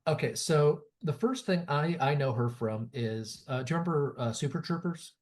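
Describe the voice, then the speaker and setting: A man's voice: fairly high pitch, animated, moderate pace, slight background noise. A man co-hosting a podcast, chatting casually about a movie and often stumbling and restarting his sentences. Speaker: podcast co-host.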